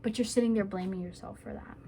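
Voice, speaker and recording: A woman's voice: mid-range voice, steady tone, fast talker, dark tone, slight background noise. A woman giving earnest, rambling self-help advice to camera in a casual vlog, with playful asides.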